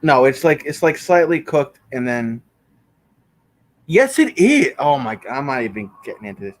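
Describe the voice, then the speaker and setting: A man's voice: mid-range voice, expressive, fairly quick. Profane man bickering with his live chat. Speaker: livestreamer. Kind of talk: casual live stream chat reading comments. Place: bedroom.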